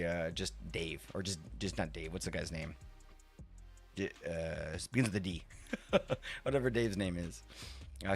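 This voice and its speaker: A man hosting a live stream, chatting casually and rambling between talking to his chat and fiddling with his setup. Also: fairly low pitch. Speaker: livestream host.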